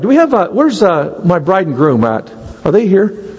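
A man's voice: high-pitched, sing-song, normal speed, a little mellow, husky, long reverb tail, rough recording. A man preaching a sermon in a church, asking the congregation rhetorical questions and acting out little quotes. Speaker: pastor.

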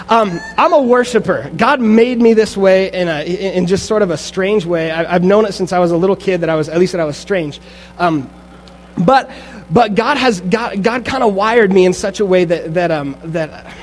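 A young adult man preaching a sermon in church, lively and full of restarts, turning quiet and slow for a guided meditation. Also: high-pitched, slight background noise. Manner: energetic with frequent restarts, then hushed guided meditation. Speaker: pastor. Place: church sanctuary.

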